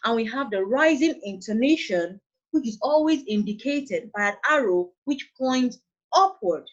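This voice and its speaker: A woman with a Nigerian accent teaching an English lesson, speaking deliberately and repeating key phrases. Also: a little high, expressive. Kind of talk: classroom lesson on intonation. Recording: dull lo-fi recording.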